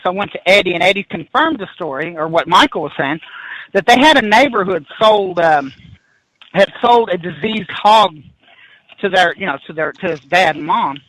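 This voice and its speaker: A man in his fifties, a podcast guest, telling a spooky story in an animated, excitable way, restarting sentences and laughing as he goes. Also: high-pitched, low-quality recording. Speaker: guest paranormal investigator.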